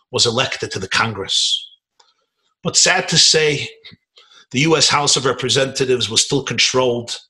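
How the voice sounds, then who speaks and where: A man from Brooklyn, a rabbi, telling a story in an animated, emphatic lecture over a video call. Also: fairly high pitch, rough recording. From Brooklyn, New York, US. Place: home in a suburban area, on a video call. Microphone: video call computer mic.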